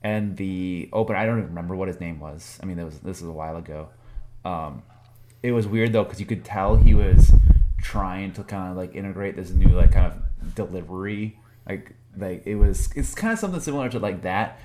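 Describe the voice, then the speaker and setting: A man's voice: sits low, fairly quick, noisy background. A man telling a story in casual chat, hesitant and full of fillers. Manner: hesitant, many fillers and likes.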